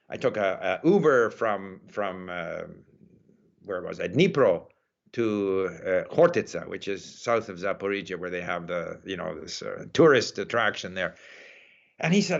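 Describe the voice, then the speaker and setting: A man giving thoughtful, conversational answers as an interview guest, pausing often with "uh" and "you know.". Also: fairly low pitch, lively intonation, fairly bright tone. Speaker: interview guest, language learner. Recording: dull lo-fi audio.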